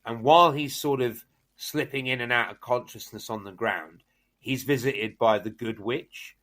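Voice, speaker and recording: A man's voice: medium pitch, moderate pace. A man co-hosting a film podcast, retelling a plot in casual chat with lots of fillers and restarts. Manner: animated, many fillers and restarts. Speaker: podcast host.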